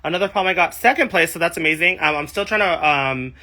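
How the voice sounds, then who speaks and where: A man's voice: on the high side, fast talker, sharp tone. A young man from California, a drag performer, chatting casually on a livestream and reading viewer comments aloud.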